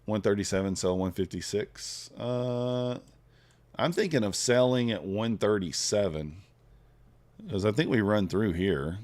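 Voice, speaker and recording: Low-voiced laid-back male streamer. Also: measured pace, a little mellow. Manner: laid-back, thinking aloud, chatting with viewers. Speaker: futures trader streaming live. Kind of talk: casual live-stream commentary.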